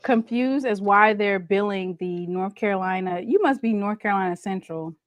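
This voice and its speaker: A woman's voice: medium pitch, normal speed, slight background noise. A woman, hosting a casual livestream chat and playfully reading viewer comments. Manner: chatty, playful, reads viewer comments aloud. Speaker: livestream host.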